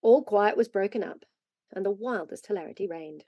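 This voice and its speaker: A woman narrating a classic children's story aloud in a lively, expressive way. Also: medium pitch, moderate pace, no room sound, highs cut off. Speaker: reader.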